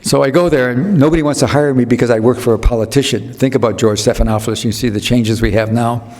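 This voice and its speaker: An elderly man tells anecdotes to a live audience, drifting between stories and breaking off sentences to start them again. He acts out what other people said in quotes. His voice sits at an ordinary middle pitch and rings with the long reverb of a large hall. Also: fast, darkish tone. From United States. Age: 80s. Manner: rambling, with self-interruptions and restarts. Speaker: guest speaker. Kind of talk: storytelling anecdotes at a public talk.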